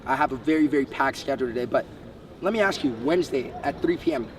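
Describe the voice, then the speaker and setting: A man's voice: mid-range voice, a crowd in the background. A young man from the Bahamas giving emphatic, step-by-step motivational sales coaching. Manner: brisk, emphatic, lays out numbered steps. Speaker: sales trainer. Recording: distant mic, faint street noise.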